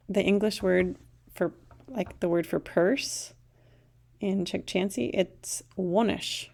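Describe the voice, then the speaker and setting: Slow, gravelly-voiced woman teaching. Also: mid-range voice, darkish tone. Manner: patient, repeats each word twice. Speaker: language teacher. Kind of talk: recorded language lesson.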